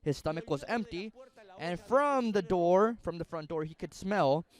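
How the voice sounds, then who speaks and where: Male pastor, sermon, high and animated, playful storyteller. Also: measured pace.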